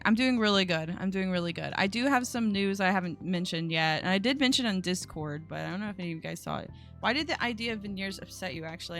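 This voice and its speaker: A woman's voice: medium pitch, fairly bright tone. A young woman streaming live, chatting casually with viewers in a rambling way full of fillers and restarts. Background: faint music.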